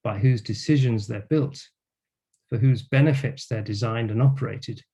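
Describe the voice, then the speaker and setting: An older man giving an academic talk over a video call, measured and lecturing, with frequent fillers. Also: mid-range voice, gravelly, warm tone, husky. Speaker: guest speaker.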